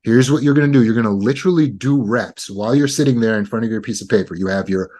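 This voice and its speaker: A man's voice: medium pitch, quick pace, a little mellow. A man giving a self-help lesson on overcoming insecurity. He walks the listener through the steps one at a time and repeats his key points. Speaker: trauma recovery teacher. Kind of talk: self-help teaching talk.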